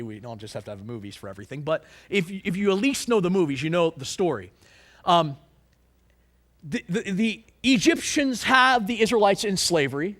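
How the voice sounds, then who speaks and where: A man preaching a sermon in an animated way, asking the congregation rhetorical questions and often repeating words as he goes. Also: high voice.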